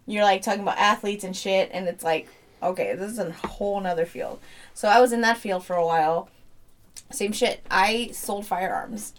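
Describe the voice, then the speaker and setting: A woman in her thirties talks casually as a podcast co-host. She is blunt and swears freely, and she acts out the people in her stories with lively put-on voices. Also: medium pitch, normal speed. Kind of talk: casual chat.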